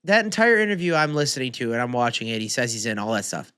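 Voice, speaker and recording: A man's voice: mid-range voice, very animated, fast, bright, forceful tone, smooth, dry recording, clean studio sound. Laid-back, swearing man talking sports. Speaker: podcast co-host. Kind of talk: casual sports chat.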